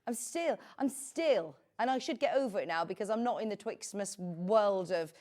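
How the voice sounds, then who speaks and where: A woman's voice: medium pitch, expressive, moderate pace, darkish tone. A middle-aged woman presenting on a shopping channel, chatting casually and drifting into friendly asides while selling fabric. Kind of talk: live TV sales chat.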